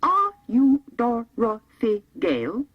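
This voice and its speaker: A woman with a British accent voicing a polite clockwork copper man who talks in a slow, mechanical voice in a storybook reading. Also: a little high, animated, no room sound, lo-fi sound, pitched above the performer's own voice, heavily acted. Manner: polite and measured.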